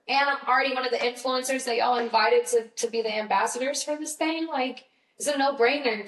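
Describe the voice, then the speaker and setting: A young woman from Georgia with a Southern accent, telling stories in an upbeat, chatty interview with lots of fillers. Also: fairly high pitch. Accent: Southern American. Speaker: guest musician. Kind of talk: casual interview chat. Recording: roomy, slightly distant mic.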